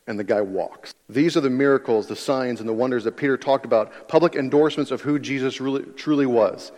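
A man's voice: medium pitch, a little fast, hardly any pauses, a little mellow. A man preaching a sermon in an earnest way, repeating key phrases for emphasis. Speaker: pastor. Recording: long hall reverb.

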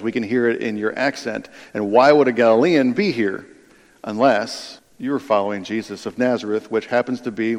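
A male pastor giving a sermon, conversational and animated, with asides to the congregation. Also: medium pitch. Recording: long reverb of a large hall.

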